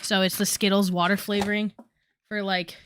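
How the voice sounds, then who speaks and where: A woman's voice: mid-range voice, flat delivery, normal speed, noisy background. A young woman chatting casually on a commentary stream, rambling with many fillers and asides.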